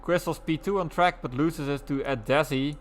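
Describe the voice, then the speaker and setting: A man's voice: fairly high pitch, moderate pace, a little hiss or hum. A man giving casual, chatty live commentary on an online sim-racing league race. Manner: casual, chatty, breaks into laughs.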